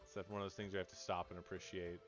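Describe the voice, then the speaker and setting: A man's voice: low-pitched, flat delivery, fast talker, highs cut off, faint music behind. A young adult man giving casual, joking commentary on a game he is playing, rambling and talking to his chat. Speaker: let's play streamer.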